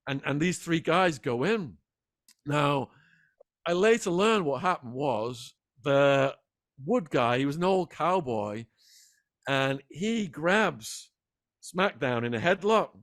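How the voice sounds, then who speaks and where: A man guest in a sit-down interview, retelling events in an animated, dramatic way. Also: a little high, slow pace, dry recording, studio quality. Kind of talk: vivid storytelling in a sit-down interview.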